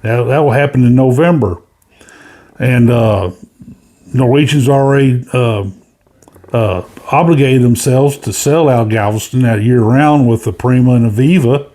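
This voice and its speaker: A man's voice: mid-range voice, unhurried, dark tone. A man hosting casual cruise news commentary, rambling with many fillers and restarts.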